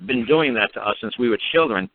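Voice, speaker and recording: A man's voice: medium pitch, a little fast. A man in his fifties telling a rambling story on a talk show, acting out quoted dialogue as he goes. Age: 50s. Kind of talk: casual storytelling monologue. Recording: tinny phone line with faint noise.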